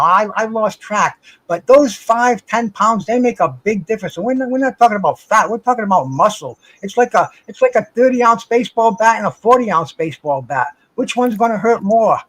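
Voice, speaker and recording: A man's voice: high-pitched, expressive, brisk, fairly bright tone, low-quality recording. A man on a panel chat who stammers and repeats his words.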